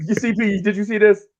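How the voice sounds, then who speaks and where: The lo-fi recording captures a podcast host in his 50s with a high voice. He chats casually and tells animated, slangy stories, performing the voices of the people in them.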